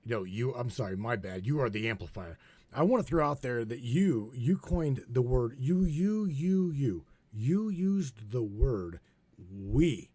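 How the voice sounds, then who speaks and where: A man hosts a live stream in casual chat. His mellow voice is hesitant and halting, with frequent restarts. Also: mid-range voice, animated, husky, no echo.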